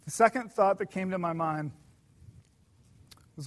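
A man with a notably high voice delivers an earnest sermon. He speaks emphatically, slowing right down to lean on the words that matter most. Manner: earnest and emphatic, slows down to stress key words. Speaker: preacher.

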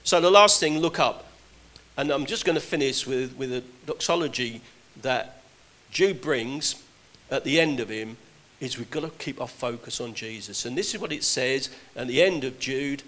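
A man's voice: medium pitch, moderate pace, a bit bright, poor audio. A man preaching a sermon, earnest and exhorting, his voice rising and dropping for emphasis.

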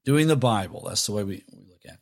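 A man's voice: lowish voice, expressive, quick pace, gravelly, darkish tone. A man from Kentucky with a Southern accent, co-hosting a podcast in an easygoing, joking way. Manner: easygoing, joking, with many restarts. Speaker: podcast co-host. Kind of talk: casual podcast chat.

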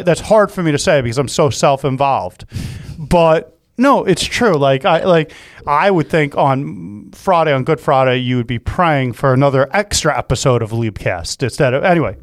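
Male podcast host, fairly high pitch, rambling jokey chat, dry close sound. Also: animated, moderate pace, dry recording. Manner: rambling, self-mocking, jokey. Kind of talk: casual chat.

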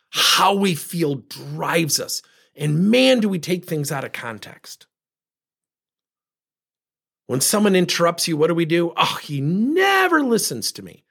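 A man's voice: fairly high pitch, a little slow, gravelly, long pauses, a bit bright, slightly rough. A middle-aged man, a leadership speaker, telling a coaching story and acting out both sides of the conversation.

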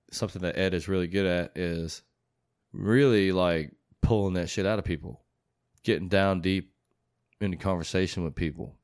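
A man with a very low, smooth voice hosts a podcast, rambling loosely and swearing freely. He sounds laid-back and unscripted. The sound is dry and close, with no room echo. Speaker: podcast host. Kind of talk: casual chat.

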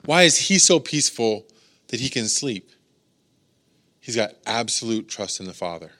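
A man's voice: medium pitch, big pitch swings, moderate pace, sharp tone. A man preaching as a pastor in a casual, talky way, full of "like" and acted-out voices. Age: adult, has daughters. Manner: conversational, filler-heavy, acts out voices. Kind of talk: casual youth sermon.

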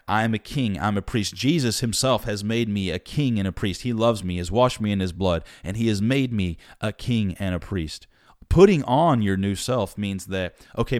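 A man's voice: lowish voice, dry recording, studio quality. A man preaching a sermon in a conversational, emphatic storytelling manner.

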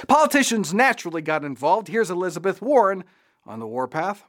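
A man's voice: high voice, sing-song, brisk. Sarcastic man hosting commentary. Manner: sarcastic, mocking asides. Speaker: commentary show host. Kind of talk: scripted political commentary.

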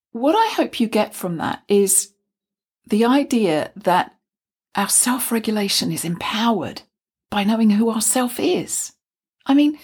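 Breathy woman musing gently. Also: medium pitch. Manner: gentle, musing, with acted-out asides. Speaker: self-development speaker. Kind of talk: reflective spoken talk.

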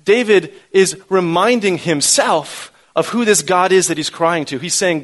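High-voiced man preaching earnestly. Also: unhurried, hardly any pauses. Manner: earnest preaching with emphatic repetition. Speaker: pastor. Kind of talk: sermon.

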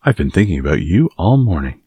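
A man's voice: sits low, very animated, fairly quick, dark tone, husky, no echo, heavily acted. A man reading an audiobook voices a spoiled, sickly rich boy who speaks in a grand, commanding way. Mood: imperious.

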